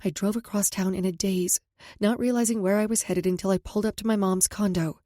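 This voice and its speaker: Mellow woman narrating a romance audiobook. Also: mid-range voice, steady tone, a little fast, no echo, studio quality.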